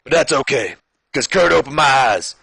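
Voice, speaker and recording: A man's voice: medium pitch, lively intonation, normal speed, creaky, pushed and bright, slightly rough, dry recording, pitched above the performer's own voice, heavily acted. Man putting on a brash boastful wrestler. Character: brash, boastful male wrestler cutting a promo.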